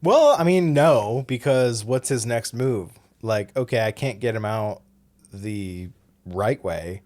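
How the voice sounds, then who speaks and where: A man's voice: medium pitch, slow pace. A man co-hosting a podcast, telling a casual anecdote and chatting about a film, often agreeing with his co-host. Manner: relaxed storytelling, agreeing often with "yeah".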